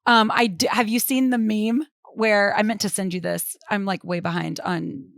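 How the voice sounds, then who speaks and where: A woman's voice: medium pitch, steady tone, moderate pace, vocal fry, a bit bright, no echo, studio quality. A middle-aged woman guesting on a podcast, chatting in a playful way and acting out little quotes. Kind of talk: casual chat.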